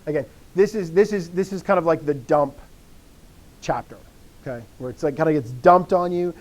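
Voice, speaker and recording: A man with a slightly higher voice teaches a language lesson. He walks through the grammar step by step, firing questions at his students and answering with quick encouragement. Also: darkish tone. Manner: quizzing, encouraging. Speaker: Greek teacher. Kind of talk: live online lesson.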